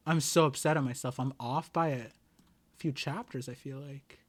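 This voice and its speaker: A young man streaming live, reading a comic chapter aloud and reacting with excited exclamations and stammers. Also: mid-range voice, normal speed.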